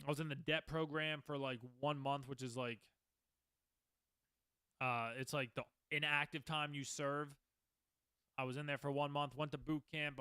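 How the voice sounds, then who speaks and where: A man's voice: mid-range voice, pushed and bright, clean tone, dry recording. A man in his twenties hosting a podcast, telling his own story in a rambling, candid, profane way. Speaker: podcast host. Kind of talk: casual storytelling.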